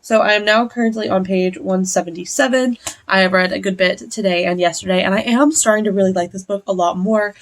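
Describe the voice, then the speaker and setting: A woman's voice: medium pitch, steady tone, a little fast. Chatty young woman vlogging about books. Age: young adult. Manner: chatty, rambling, heavy on "like" fillers. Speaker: book vlogger. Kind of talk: casual reading vlog.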